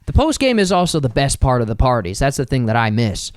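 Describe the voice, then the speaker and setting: Smooth-voiced young man rambling on his podcast. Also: mid-range voice, sing-song, fast talker, dry recording, clean studio sound. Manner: rambling and loose, with frequent fillers and swearing. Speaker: podcast host. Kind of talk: casual solo podcast monologue.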